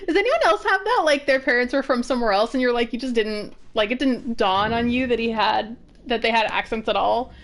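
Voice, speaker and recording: A woman's voice: fairly high pitch, expressive, brisk. A woman from Massachusetts giving casual, rambling commentary while streaming a game. She laughs often.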